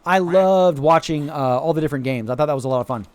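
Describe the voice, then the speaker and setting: Streaming gameplay, this man from the United States talks casually to his audience, saying hello to chat and letting out playful quacks. He speaks briskly with lively intonation in a voice on the high side, barely pausing.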